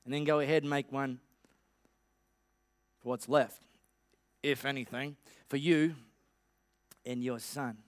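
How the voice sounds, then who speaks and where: A man's voice: mid-range voice, steady tone, slow pace, long pauses, no room sound, voice pushed down, natural voice. A man voicing a demanding, brusque prophet who gives orders offhandedly. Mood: reassuring. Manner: bossy, offhand.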